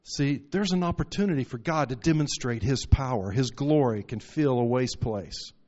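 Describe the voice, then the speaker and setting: A man's voice: medium pitch, normal speed, a little mellow. A man preaching a sermon, telling stories and rising into emphatic bursts. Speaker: pastor. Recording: muffled lo-fi recording.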